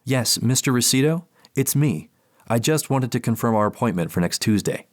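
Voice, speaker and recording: A man voicing a therapist who speaks in a deliberate, measured way. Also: medium pitch, lively intonation, pitched above the performer's own voice, lightly acted. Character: calm measured therapist, gender unstated.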